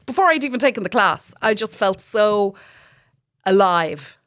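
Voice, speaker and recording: A woman with an Irish accent, a comedian guest in a casual chat, telling lively stories, swearing freely and laughing often. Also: mid-range voice, normal speed. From Ireland.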